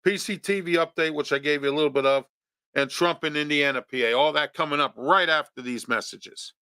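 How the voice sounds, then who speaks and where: A man's voice: a little high, brisk, sharp tone, clean tone, no echo, studio quality. A man hosting a local talk show, scolding his listeners with rhetorical questions in an opinion commentary.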